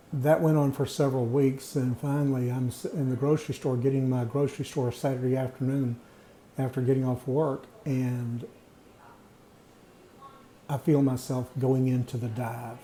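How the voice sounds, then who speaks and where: A middle-aged man telling a personal story in an earnest, reflective, plain-spoken way with pauses. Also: mid-range voice, warm tone. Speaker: vlogger sharing personal experience. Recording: echoey room.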